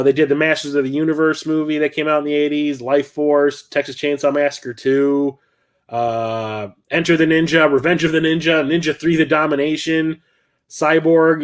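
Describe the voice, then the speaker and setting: Rambling enthusiastic middle-aged man. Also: fairly high pitch. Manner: rambling, enthusiastic, many fillers. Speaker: host. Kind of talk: casual film collection talk.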